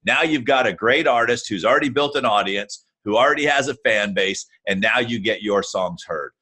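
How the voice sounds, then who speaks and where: A man's voice: mid-range voice, normal speed, bright, forceful tone, slightly rough. A man speaking as a guest adviser on a video call, giving blunt, matter-of-fact music-business advice. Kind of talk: casual advice in a Q&A.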